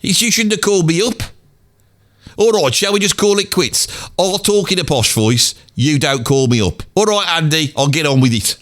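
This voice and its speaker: A man's voice: a little high, lively intonation, moderate pace, a bit bright. A man playing a rambling Birmingham bloke who swears constantly, in a comedic monologue sketch, with a Birmingham accent. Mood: sheepish. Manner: rambling, peppers every line with "bloody". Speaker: comedy character talking about music.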